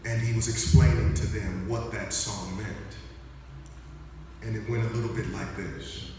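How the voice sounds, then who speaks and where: A man's voice: on the low side, steady tone, a little slow, background noise. A man telling a story live at a history program in an earnest, recollecting manner, heard in a far-off echoey hall.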